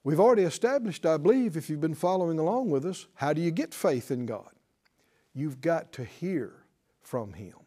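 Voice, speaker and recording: A man preaching a sermon, slow and emphatic, hitting certain words loudly and chuckling now and then. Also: fairly high pitch, animated, breathy edge. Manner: slow, emphatic preaching with sudden loud stresses.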